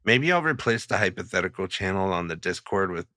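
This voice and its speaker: A man co-hosting a podcast with loose, swearing, self-mocking chat. His voice is very low yet crisp and bright. The recording is dry. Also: expressive, fairly quick, no echo. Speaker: podcast co-host. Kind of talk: casual chat.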